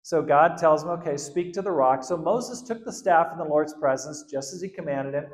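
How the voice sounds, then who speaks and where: A man preaching a sermon as pastor, animated, swinging between loud outbursts and quiet asides and acting out the quotes. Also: fairly high pitch, moderate pace, roomy sound. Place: church hall.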